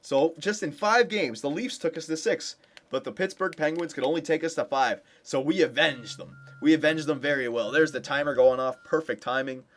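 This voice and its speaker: Young male gameplay commentator, eager and chatty, swings between hyped cheering and low muttering. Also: moderate pace. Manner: excited cheering for his team. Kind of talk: casual video game commentary.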